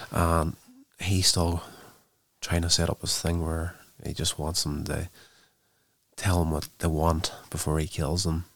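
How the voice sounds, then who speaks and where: Deep, gravelly man recapping casually. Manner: rambling, frequent fillers and restarts. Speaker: episode recapper.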